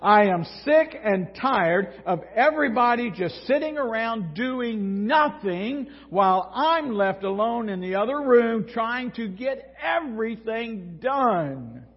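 A man preaching a sermon puts on the voice of Martha, a frazzled, resentful woman shouting shrill complaints, recorded in an echoey hall with dull lo-fi sound. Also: expressive, takes it slowly, hardly any pauses, slightly rough, full character voice. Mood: exasperated.

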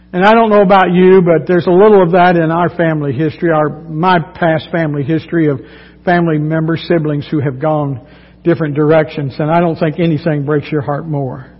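A male pastor preaching a sermon in a church, with folksy, joking storytelling that turns earnest. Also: on the high side. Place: church sanctuary. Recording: long hall reverb, dull lo-fi sound.

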